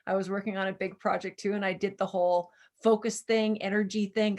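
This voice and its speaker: A woman's voice: medium pitch, flat delivery, quick pace, few pauses, a little mellow. A woman chatting casually on a video call, telling stories and coaching people through steps, laughing often. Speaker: presenter guiding users. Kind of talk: casual chat.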